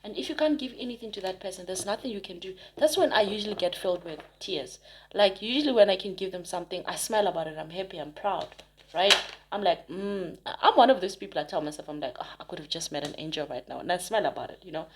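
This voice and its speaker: A woman's voice: medium pitch, lively intonation, fast talker, slight background noise. Chatty woman giving a tarot reading. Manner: chatty and emphatic, rambling with frequent restarts. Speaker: tarot reader. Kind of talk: casual spoken tarot reading to viewers.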